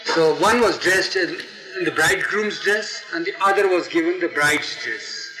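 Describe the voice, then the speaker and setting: A man's voice: on the high side, normal speed. Man telling a story, echoey old tape. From India. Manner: animated, digressive, acts out the quotes. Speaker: storyteller, interviewee. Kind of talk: oral history storytelling. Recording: echoey archival tape with music.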